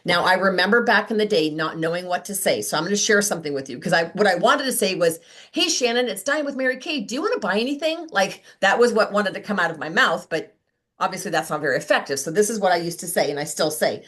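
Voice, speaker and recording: A middle-aged woman leading a motivational team call for sales consultants, chatty and animated, acting out quoted voices. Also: lowish voice, quick pace.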